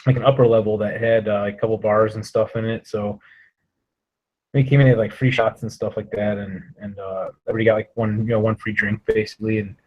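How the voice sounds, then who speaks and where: A man's voice: on the low side, level tone, brisk, muffled recording. A man hosting a podcast, chatting casually in a rambling, hesitant way with lots of fillers. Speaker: podcast host. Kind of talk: casual chat.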